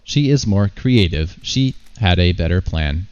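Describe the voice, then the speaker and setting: A man voicing an ancient bodiless being, speaking slowly, haughty and cryptic. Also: low-pitched, animated, darkish tone, clean tone, highs cut off.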